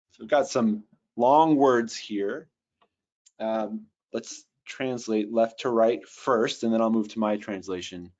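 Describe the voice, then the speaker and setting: A man's voice: on the low side, a little mellow, muffled recording. Man teaching Greek in a webinar. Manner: careful, explanatory, reads Greek slowly. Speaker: Bible software trainer. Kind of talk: webinar lesson on translation.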